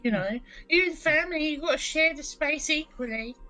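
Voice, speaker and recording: Woman player with a high voice. Chatty, cheeky, in character. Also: brisk, pushed and bright, faint music behind, poor audio. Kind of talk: playing a tabletop game in character.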